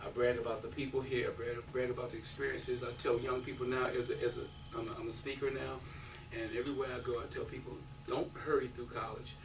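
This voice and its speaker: Animated man telling stories in a roomy hall. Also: mid-range voice, quick pace, background noise. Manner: lively storyteller who acts out quotes and laughs often. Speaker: guest speaker, former college basketball player. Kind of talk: animated storytelling speech. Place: restaurant breakfast event. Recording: roomy, from a distance.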